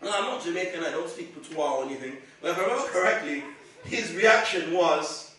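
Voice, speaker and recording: A man's voice: fairly high pitch, brisk, fairly bright tone. A man performing stand-up comedy on a club stage, chatty and teasing, laughing through his jokes. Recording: echoey room from far off with crowd. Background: audience laughter.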